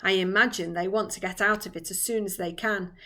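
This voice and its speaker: A woman voicing a calm, sensible young boy in a storybook reading. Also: mid-range voice, brisk, lightly acted. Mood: reassuring.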